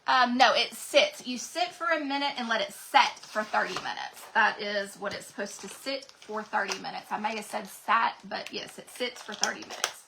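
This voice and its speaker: A woman's voice: medium pitch, normal speed, vocal fry, hardly any pauses, noisy background. A woman hosting a craft livestream, chatting and gushing to viewers, her voice cracking from a sinus infection. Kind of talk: casual livestream chat to viewers.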